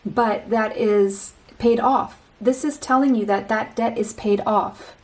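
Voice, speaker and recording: Woman reading tarot, slightly high voice. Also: fairly even intonation, a little mellow, low-quality recording. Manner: speaks straight to the listener, slow and reassuring, often repeats a phrase. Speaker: tarot card reader. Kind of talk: pick-a-card tarot reading spoken to the viewer.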